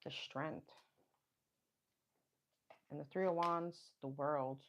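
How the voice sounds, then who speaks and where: A woman's voice: low voice, steady tone, takes it slowly, highs cut off. A woman giving a casual live tarot reading, chatting and thinking aloud as she names the cards. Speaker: tarot card reader. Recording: clear background noise.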